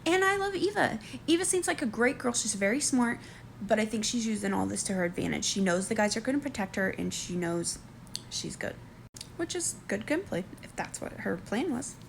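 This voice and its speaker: A woman recapping a reality show in a casual vlog, animated and excitable, breaking into high squeals. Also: a little fast, gravelly, a little hiss or hum.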